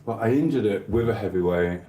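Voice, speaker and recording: Man, deep voice, mellow tone, rambling casual chat, echoey room. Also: fairly quick. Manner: rambling, swearing, chatty asides to viewers. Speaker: livestream host.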